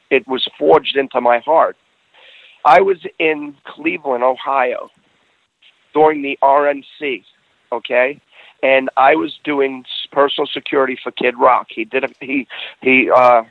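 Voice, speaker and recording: Gravelly man on a tinny line. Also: medium pitch, dry recording. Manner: earnest storyteller who restarts phrases and grows emotional. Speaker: guest telling a personal story. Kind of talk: casual conversation.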